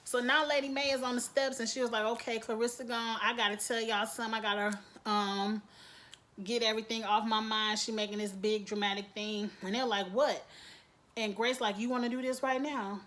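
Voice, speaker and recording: A woman gives a casual, opinionated recap of a TV drama. Her voice sits a bit high, and she talks in a sassy, animated way, mimicking the characters as she goes. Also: a little fast. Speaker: TV recap reviewer.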